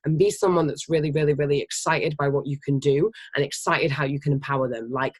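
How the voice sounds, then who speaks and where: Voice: medium pitch, fast talker, husky. Emphatic, swearing team leader's pep talk. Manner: emphatic, casual, swears freely; animated, energetic. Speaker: team leader of a health business. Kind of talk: motivational team training talk.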